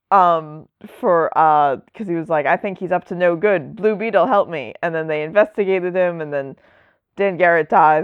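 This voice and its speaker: This woman co-hosts a podcast, chatting casually and explaining things with frequent digressions. She has a smooth, lowish voice, and the dry recording sounds dull and lo-fi.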